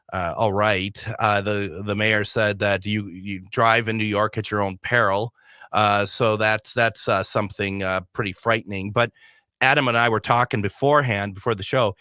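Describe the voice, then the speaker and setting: A man's voice: medium pitch, sharp tone, no room sound. A male host of a paranormal radio show, chatting casually from the studio and rambling with many restarts.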